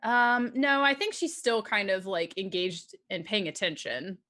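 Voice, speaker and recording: A woman playing a tabletop game, chatty and hesitant, with many pauses. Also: medium pitch, sharp tone. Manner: chatty, hesitant, many ums, laughs easily. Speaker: player. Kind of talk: casual tabletop game chat.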